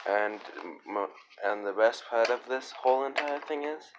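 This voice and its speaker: A man's voice: mid-range voice, moderate pace, noisy background. A man presenting a home-made trailer for his own channel, rambling and restarting his sentences with a jokey manner.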